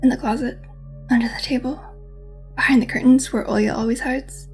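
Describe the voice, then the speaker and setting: A woman's voice: fairly high pitch, fairly even intonation, normal speed, a little mellow. A woman gaming host reading a visual novel aloud, mixing dramatic reading with casual asides. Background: faint game music.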